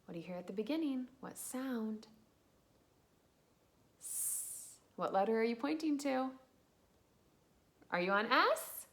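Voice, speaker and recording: A woman teacher giving a slow, patient phonics lesson to young children, sounding out letters and cheering them on. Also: a little high, animated, a bit bright.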